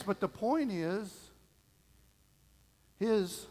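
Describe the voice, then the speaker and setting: Middle-aged male pastor, folksy storyteller, slightly high voice, church hall reverb. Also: expressive, unhurried, pauses often, a little mellow. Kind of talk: sermon. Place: church sanctuary.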